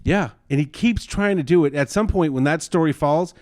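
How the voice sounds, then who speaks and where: A man co-hosting a casual podcast chat, retelling a story with animated acted-out quotes and frequent swearing. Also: a little high, moderate pace. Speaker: podcast co-host.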